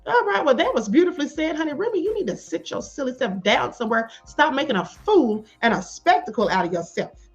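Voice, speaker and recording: Sassy high-voiced woman livestream host. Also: fairly quick, highs cut off, faint music behind. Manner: sassy, animated, calls viewers beloved and honey. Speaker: live stream host. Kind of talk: live commentary reading chat.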